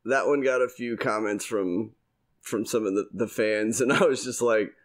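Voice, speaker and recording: A man's voice: on the low side, moderate pace. A man co-hosting a podcast in casual chat, rambling through stories, swearing freely and laughing often. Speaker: podcast co-host.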